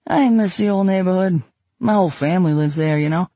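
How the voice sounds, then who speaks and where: A man's voice: high-pitched, fairly quick, mellow, no echo, voice pushed up. A man voicing a homesick, talkative young man with a Bronx accent. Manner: eager, chatty and nostalgic.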